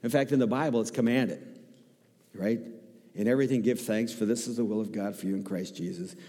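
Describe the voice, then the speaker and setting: With a lowish voice and a fairly quick pace, a guest preacher brings humor to his sermon, storytelling animatedly and voicing the characters himself. The church sanctuary lends the recording a long hall reverb.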